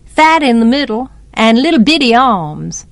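Lady doing a nosy blunt little girl asking questions, slow, dry sound. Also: on the high side, big pitch swings, no echo. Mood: curious.

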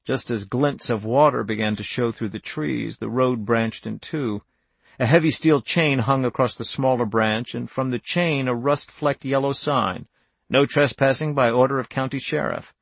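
A man reading a novel aloud as an audiobook narrator, in steady, measured storytelling. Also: mid-range voice, creaky, breathy edge, no room sound.

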